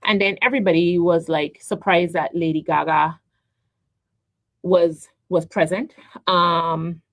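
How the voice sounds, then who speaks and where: A middle-aged woman talks on her radio show, searching for words, stumbling and restarting with plenty of ums. Her voice sits a little low for a woman and sounds close and dry at the studio mic. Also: steady tone, dry recording, low-quality recording. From U.S. Virgin Islands (St. Croix). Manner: halting, repeats words, many ums, heartfelt. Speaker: radio talk show host. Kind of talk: emotional personal monologue. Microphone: studio microphone.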